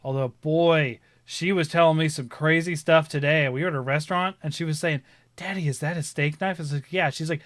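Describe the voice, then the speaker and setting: A man in his thirties hosting a live stream, chatting casually and telling animated family stories with frequent laughter. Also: on the high side, a little fast. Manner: animated storyteller, laughs often. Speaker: stream host. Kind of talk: casual chat.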